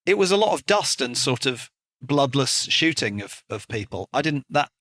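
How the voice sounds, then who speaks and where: A man's voice: mid-range voice, sing-song, moderate pace, a bit bright. A man co-hosting a podcast, chatting about a film with a wry, dry humour. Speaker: podcast co-host. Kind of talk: casual film review chat.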